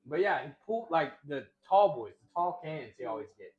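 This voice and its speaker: A man's voice: fairly high pitch, sing-song, brisk, dull audio. A young man co-hosting a podcast, telling his side in a laid-back way with lots of "like". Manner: laid-back, talks in short bursts with "like". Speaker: podcast co-host. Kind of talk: casual storytelling chat. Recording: echoey room.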